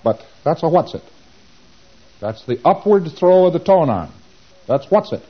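A man giving a lecture, acting out exchanges with quick mumbled asides. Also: a little high, sing-song, muffled recording. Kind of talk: recorded lecture.

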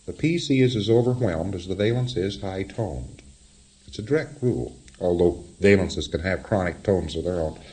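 Man, deep low voice, animated lecture delivery, wry, explanatory, chuckles between points. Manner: wry, explanatory, chuckles at his own examples. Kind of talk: recorded lecture.

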